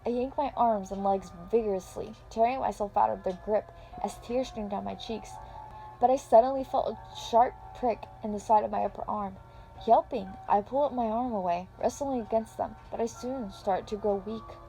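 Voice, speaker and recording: A woman's voice: medium pitch, normal speed, warm tone, faint music behind, poor audio. Woman reading a dramatic story. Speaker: story reader. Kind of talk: first-person story reading.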